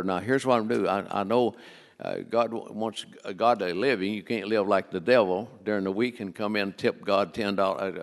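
Older man, guest preacher, low gravelly voice, folksy humor. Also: long reverb tail. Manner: folksy, joking, full of restarts. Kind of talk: sermon on giving. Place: church sanctuary.

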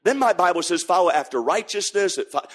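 Preacher guy, high voice, hollers then goes quiet, sing-songy sermon. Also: animated, brisk. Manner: shouting, sing-song preaching with sudden drops to a hush.

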